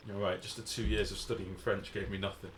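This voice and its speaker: A man's voice: low-pitched, level tone, brisk, a little hiss or hum. British guy streaming a game, jokey and chatty, echoey room. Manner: self-mocking, chatty, joking with chat. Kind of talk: casual gameplay commentary.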